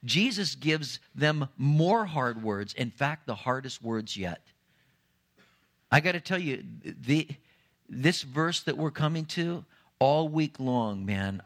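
Male pastor, mid-pitched, animated sermon delivery that drops soft and rises emphatic. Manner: animated preaching, swinging between soft low asides and raised emphatic lines.

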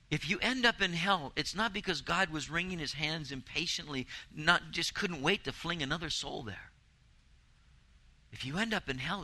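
A man's voice: fairly high pitch, bright, forceful tone, rough recording. A man preaching a sermon, earnest and emphatic, building intensity with repeated phrases. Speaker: pastor.

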